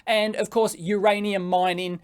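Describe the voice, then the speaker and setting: An Australian man giving an animated classroom presentation to high school students, joking and going off on tangents. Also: a little slow, smooth. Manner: animated, jokey, prone to tangents.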